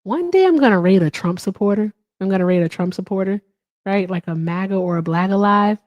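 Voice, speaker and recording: A woman's voice: mid-range voice, lively intonation, fairly quick, a little mellow, dry recording. A woman hosting a casual livestream. She is chatty and upbeat, says "all right" often and swears casually. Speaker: livestream host.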